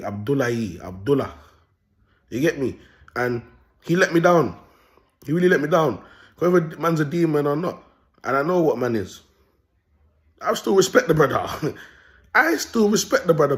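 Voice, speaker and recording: Young man, casual vlog storyteller, streetwise and animated, middle pitch. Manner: streetwise slang, animated, often asks "you get me". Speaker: self-styled prophet vlogger.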